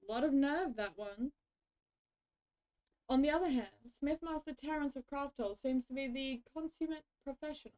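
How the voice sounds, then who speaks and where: A woman's voice: high-pitched, moderate pace, darkish tone, dull audio, lightly acted. Gossipy royal advisor, read out by a woman. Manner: reads game dialogue aloud with gossipy emphasis.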